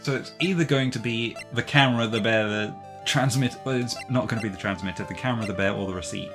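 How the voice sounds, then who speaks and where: Low gravelly man playing a game. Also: quick pace. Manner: thinks aloud, hesitant restarts. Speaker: let's play host. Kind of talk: casual game commentary and reading. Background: game music.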